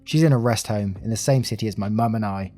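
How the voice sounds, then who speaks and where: A man's voice: on the low side, fast talker, warm tone. Man narrating reddit stories over music. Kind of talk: reading reddit stories aloud.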